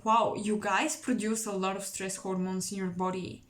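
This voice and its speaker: A woman doing an intuitive tarot reading to camera, musing and searching for words with many pauses. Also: medium pitch, flat delivery, echoey room. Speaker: tarot reader.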